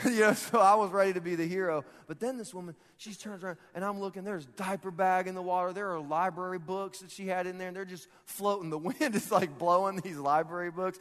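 A man preaches a relaxed, humorous sermon and talks to the congregation as if chatting with friends. His voice sits a little high, and laughter often breaks into his sentences. A long reverb from the large church hall trails behind each phrase. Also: a little fast, few pauses. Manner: jokey and conversational, often laughing mid-sentence. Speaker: pastor. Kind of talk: casual, humorous sermon with a personal story.

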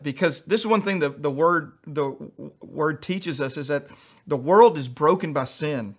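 This U.S. pastor's voice is fairly high and fairly bright as he preaches. His sermon moves through humorous stories told at a quick clip, with the quotes acted out.

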